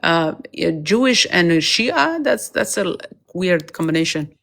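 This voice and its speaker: A woman's voice: fairly low pitch, big pitch swings, unhurried, gravelly, a bit bright. A woman from Iran with a Persian accent, whose first language is Persian. She is a guest on a live stream and talks in an earnest, emphatic way with non-native phrasing. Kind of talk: casual political talk.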